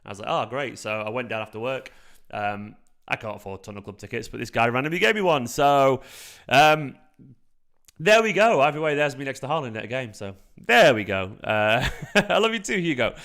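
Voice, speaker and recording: A young man from South Manchester with a light Manc twang talks through a live stream in a loose, rambling way. He swears freely and fills gaps with "like" and "um", sitting at a middling pitch for a man. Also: brisk. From South Manchester, England. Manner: rambling, animated, swears freely, frequent fillers. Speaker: football fan channel host. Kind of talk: casual live-stream chat.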